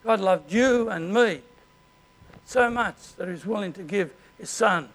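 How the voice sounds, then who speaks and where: The sermon comes from an Australian pastor with a high voice and a fairly bright tone, in no hurry. He talks conversationally and often stops to clear his throat.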